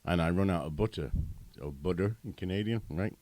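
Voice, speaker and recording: A British man speaks in a deep, low voice as a podcast guest. He tells chatty stories and chuckles at them. The sound is dry and close. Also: brisk, darkish tone, dry recording. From Britain. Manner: chatty storyteller, chuckles at own anecdotes. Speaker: guest, runs animal bylaw service. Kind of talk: casual podcast chat.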